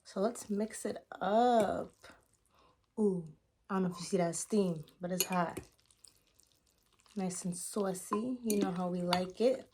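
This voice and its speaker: A woman's voice: mid-range voice, background noise. Chatty woman vlogging a mukbang. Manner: chatty, drawn-out words, eating sounds between lines. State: ear clogged, hearing a little off. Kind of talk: casual mukbang chat to camera.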